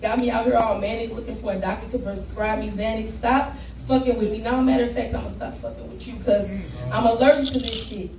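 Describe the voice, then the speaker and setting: A woman's voice: a little high, steady tone, fairly quick, darkish tone. A woman performing spoken word poetry live at a poetry event, rhythmic, blunt and profane, with laughing asides to the crowd. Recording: echoey room, distant mic, background noise.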